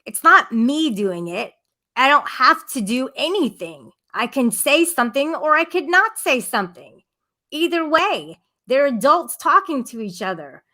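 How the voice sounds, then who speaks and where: A woman's voice: fairly high pitch, sharp tone. A woman speaking firmly to her viewers, defending her partner and setting the record straight. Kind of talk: casual chat addressing viewers.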